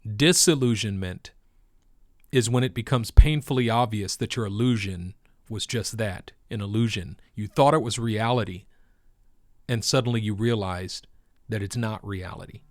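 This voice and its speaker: A man's voice: fairly low pitch, moderate pace, a little mellow, dry recording, studio quality. A man giving casual commentary on the crypto market, with emphatic, preacher-like repetition.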